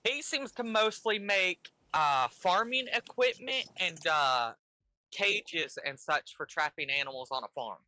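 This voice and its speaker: Bright-voiced male game master. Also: fairly high pitch, measured pace, no echo. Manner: relaxed, casual narration with fillers. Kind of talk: narrating a tabletop game.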